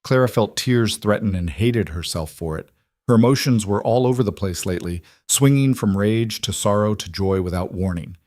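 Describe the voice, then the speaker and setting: Low-voiced male audiobook narrator. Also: no echo, studio quality. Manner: even, measured storytelling.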